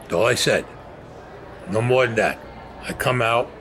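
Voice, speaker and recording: A man's voice: on the low side, normal speed, long pauses, noisy background. An older man telling his own crime story in an interview, in blunt, profane street talk. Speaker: former mobster interviewee.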